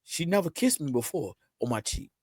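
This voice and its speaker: In a casual podcast chat, a male guest with a slightly rough voice talks a little fast, telling lively stories. He acts out quotes from family and friends, his voice jumping up for each one. The mic is close and the sound is dry, with no echo.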